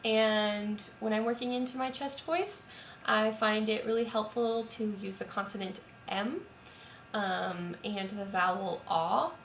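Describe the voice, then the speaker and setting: A young woman voice teacher calmly explaining and demonstrating a vocal warm-up at home. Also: mid-range voice, a little slow, slight background noise. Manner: calm, explanatory, sings scale demos. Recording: roomy echo, voice from a distance, piano. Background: piano.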